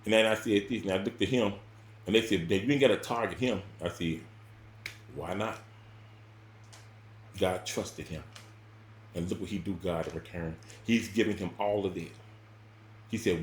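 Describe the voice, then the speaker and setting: A man telling a personal story in casual spoken style, rambling and repeating words, with sudden loud bursts and quiet drops. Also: sits low, moderate pace, long pauses, roomy sound, a little hiss or hum.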